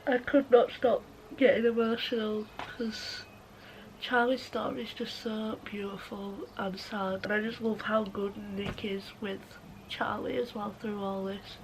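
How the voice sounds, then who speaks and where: A woman's voice: mid-range voice, flat delivery, a little slow, background noise. A young woman vlogging about books she is reading, talking in a gushing, emotional way. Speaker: book vlogger. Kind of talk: reading vlog commentary.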